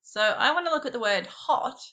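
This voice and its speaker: A woman giving a slow, patient classroom lesson, talking straight to her pupils. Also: high voice, lively intonation, pushed and bright. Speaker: primary school teacher.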